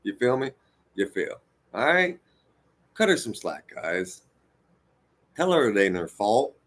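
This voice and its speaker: A man's voice: on the low side, big pitch swings, takes it slowly, fairly bright tone. A man in his forties giving an unscripted, heated and profane rant, rambling and preachy as he lectures his viewers. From United States. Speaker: vlogger.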